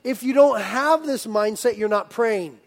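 A man in his thirties preaching a sermon, emphatic, swinging between loud urging and hushed, intimate passages. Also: very high-pitched, unhurried. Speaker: pastor.

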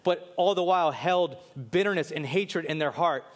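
The speaker is a pastor giving a sermon. His voice rises into emphatic questions, then drops low and quiet, and he dramatizes biblical characters in quick side remarks.

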